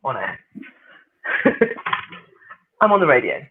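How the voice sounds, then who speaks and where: A woman's voice: rumbling low, huge pitch swings, takes it slowly, a little hiss or hum. Older woman on a tinny phone line. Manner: chatty, laughs easily. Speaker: radio guest on the phone. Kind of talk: casual radio chat.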